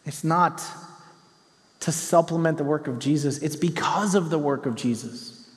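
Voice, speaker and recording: A man's voice: a little high, moderate pace. A man preaching a sermon to his congregation, telling a story tenderly and earnestly. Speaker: pastor. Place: large church hall. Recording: long hall reverb.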